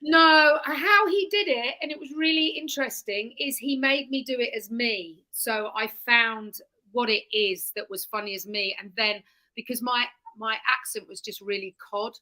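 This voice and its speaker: An Englishwoman who is a comic performer, chatting lively and animated as the guest of an interview over a video call. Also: a little high, moderate pace. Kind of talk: casual interview chat.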